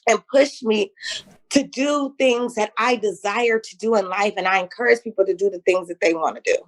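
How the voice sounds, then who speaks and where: A middle-aged woman, an entrepreneur appearing as a guest, recounts stories in a relaxed interview with animated flair, acting out the voices she quotes. Her voice is mid-range and her pace moderate.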